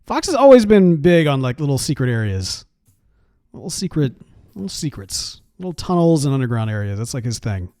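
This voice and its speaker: Lively, playful man at a dry close mic. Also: mid-range voice, fairly quick, no room sound. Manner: playful, rambling, coaxing. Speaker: game series player. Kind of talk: casual gameplay commentary.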